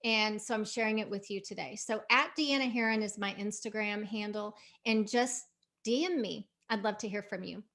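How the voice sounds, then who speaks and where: A woman's voice: medium pitch, moderate pace, fairly bright tone. A middle-aged woman hosting a podcast, coaching listeners through a motivational visualization and repeating her phrases for emphasis. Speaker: podcast host.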